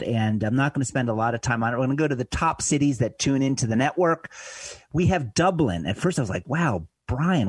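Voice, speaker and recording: A man's voice: medium pitch, dry recording. Chatty male talk radio host, dry studio. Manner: conversational, loose, with fillers and asides. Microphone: studio microphone.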